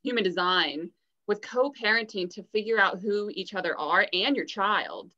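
A woman's voice: medium pitch, moderate pace, sharp tone. A woman, a podcast guest, giving earnest and encouraging advice in casual talk. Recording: dull lo-fi sound.

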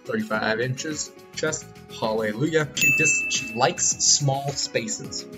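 A man's voice: medium pitch, slow. A man giving jokey, crude live commentary while streaming a video game. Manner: jokey, crude, animated reactions. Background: game music.

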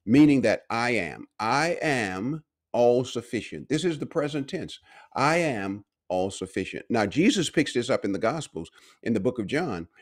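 A man's voice: medium pitch, big pitch swings, normal speed. A man giving a short devotional sermon, preaching with emphatic repetition and rising, driving phrases. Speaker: pastor and university speaker.

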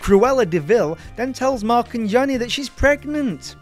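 A man's voice: very high voice, animated, measured pace, soft background music. A man hosting a comedic film review, sardonic, mocking and sweary.

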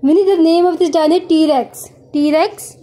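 This young mother's voice is very high-pitched yet dark in tone. Patiently teaching her toddler animal names, she goes slowly, coaxes and praises, and keeps prompting with questions.

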